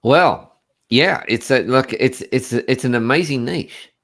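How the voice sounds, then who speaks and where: A man's voice: medium pitch, a little slow, fairly bright tone. A middle-aged man chatting as a guest on a live video call, rambling and laughing easily. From Australia. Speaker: guest, coach. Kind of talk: casual chat on a live stream.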